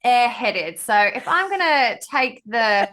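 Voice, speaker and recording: A woman co-hosts a casual podcast over a video call. She explains things in a lively, self-deprecating way. Her voice is bright and high, and it swings freely up and down. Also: slow, slight background noise. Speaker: podcast co-host. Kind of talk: casual chat.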